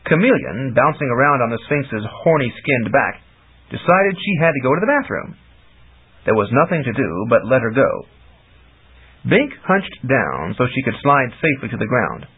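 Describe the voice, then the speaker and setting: Animated male audiobook narrator, husky tone, lo-fi phone-band sound. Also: mid-range voice, moderate pace. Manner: animated storytelling. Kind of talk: scripted narration. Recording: tinny lo-fi audiobook recording.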